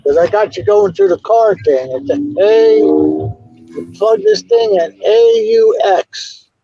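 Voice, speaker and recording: Middle-aged man, gravelly, husky, swearing, high lively voice, lo-fi phone in car. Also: slow. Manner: gruff, swearing, storytelling. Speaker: livestream host. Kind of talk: casual chat while driving.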